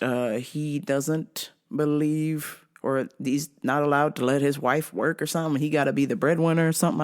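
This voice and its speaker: A woman hosting a podcast, telling a comic story in an animated, profane way and laughing often. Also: deep voice. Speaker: podcast host. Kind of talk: casual comedic storytelling.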